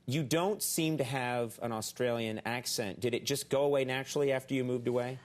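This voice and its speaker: A man's voice: mid-range voice, a little fast. A man hosting a late-night talk show, joking and teasing his guest with self-deprecating humor. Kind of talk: talk show interview banter. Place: TV studio. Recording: noisy VHS broadcast tape.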